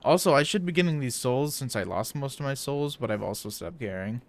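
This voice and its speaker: A man's voice: medium pitch, animated, a little fast. A man from South Dakota with a Midwestern American accent, chatting loosely and rambling while he streams a game. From South Dakota, USA. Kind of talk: casual chat while gaming.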